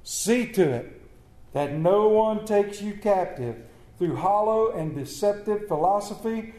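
A man's voice: sits high, mellow, echoey room. A man preaching a folksy sermon, reading scripture and talking conversationally, stumbling a little over words because of a swollen lip.

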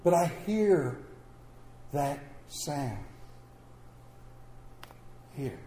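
A man with a fairly high voice preaches to his congregation, animated and good-humored. He swings between loud declarations and soft, near-whispered lines. The sound carries the echo of a church sanctuary. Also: unhurried, long pauses. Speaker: pastor. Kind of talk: sermon.

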